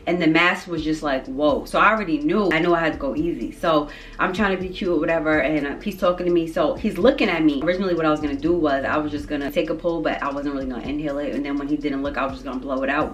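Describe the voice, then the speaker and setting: Low-voiced young woman telling a story. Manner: lively, chatty, slangy retelling. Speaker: storyteller vlogger. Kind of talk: casual storytime monologue.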